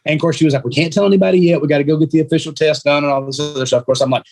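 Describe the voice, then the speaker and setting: A man's voice: fairly high pitch, racing. A man who is a podcast guest, telling a story casually and acting out the voices of the people in it. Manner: animated, acts out quoted voices.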